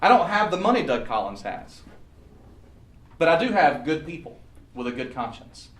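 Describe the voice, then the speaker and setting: A man's voice: fairly high pitch, big pitch swings, normal speed. A man giving a campaign speech at a meeting, earnest and pleading as he tells stories. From Southern US. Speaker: political candidate. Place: meeting room. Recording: echoey room, mic far off.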